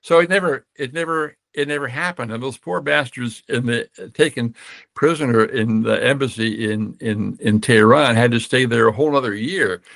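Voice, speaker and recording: A man's voice: medium pitch, moderate pace, vocal fry, no room sound. Older American man, rambling storyteller. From United States. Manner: rambling, many restarts, animated when quoting others. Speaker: guest. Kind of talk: storytelling interview.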